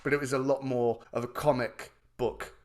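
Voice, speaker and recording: Guy on a film podcast, chatty and animated, drops the odd swear word, mid pitch. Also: moderate pace. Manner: animated, swearing, enthusiastic storytelling. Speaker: podcast co-host. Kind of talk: casual chat.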